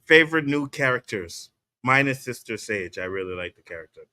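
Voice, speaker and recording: A man's voice: medium pitch, animated, fairly quick, sharp tone. A man hosting a casual roundtable chat, blunt and profane, laughing easily as he steers the talk. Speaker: podcast host.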